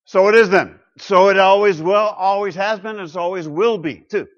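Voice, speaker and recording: A man preaching a sermon to his congregation, asking rhetorical questions and swinging from loud declarations to hushed asides. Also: high voice, normal speed. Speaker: pastor. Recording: muffled lo-fi sound.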